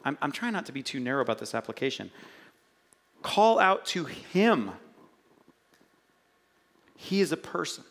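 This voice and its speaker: A man's voice: medium pitch, gravelly, a bit bright. A middle-aged male pastor giving a casual, conversational sermon with self-mocking asides to the congregation. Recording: long hall reverb.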